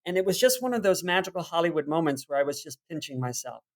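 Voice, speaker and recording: A man's voice: a little high, fast talker. A man who is an actor, chatting as a podcast guest and telling stories with frequent laughter. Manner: laughing, animated storyteller. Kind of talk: casual interview chat.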